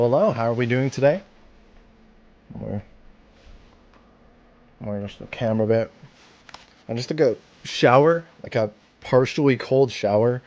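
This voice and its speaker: A man's voice: mid-range voice, lo-fi sound. A tired man hosting a livestream in casual chat, rambling and self-deprecating. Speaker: livestream host.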